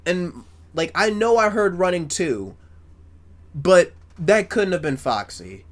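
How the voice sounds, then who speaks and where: A man doing an irritated young night guard who swears a lot and sounds exasperated at his coworker. The voice sits fairly high, and the tone stays close to the narrator's own everyday speech. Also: animated, slow. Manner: profane, exasperated.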